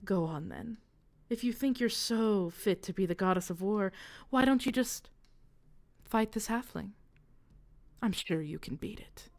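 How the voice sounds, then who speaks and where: A woman voicing a scornful female sand spirit who rises from the desert and taunts the heroes in a slow, mocking, drawn-out way. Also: medium pitch, close to an everyday voice. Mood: taunting.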